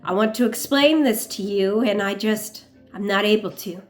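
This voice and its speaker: A woman doing a quiet, evasive man. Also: mid-range voice, moderate pace, soft background music, lightly acted. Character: adult man evading hard questions, subdued.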